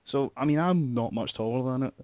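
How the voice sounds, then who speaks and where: Swearing and laughing, a young podcast host rambles through a story in casual conversation. He speaks briskly in a medium-pitched, slightly mellow voice, with no room sound.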